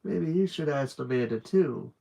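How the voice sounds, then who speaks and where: Old lady librarian as a man puts her on, whispering, soft, kind. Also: medium pitch, expressive, normal speed, vocal fry. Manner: whispering, softly insistent. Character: kindly old woman librarian.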